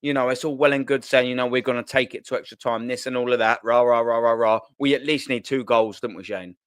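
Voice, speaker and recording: A man's voice: medium pitch, fairly even intonation, quick pace, clear, resonant tone, dry recording. A man hosting a casual football chat on a video call, joking, swearing and repeating himself. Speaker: host.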